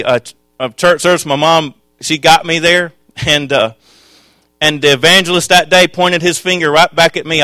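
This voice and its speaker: A man preaching a sermon, telling his own testimony with passion, dropping to a hush and then rising loud. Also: medium pitch, no echo. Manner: impassioned, swings from hushed to loud.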